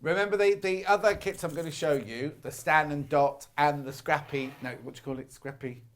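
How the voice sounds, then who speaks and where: A woman's voice: sits low, brisk. A woman presenting a shopping channel craft show, asking lots of curious questions and chatting freely with her guest. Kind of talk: live TV craft show chat.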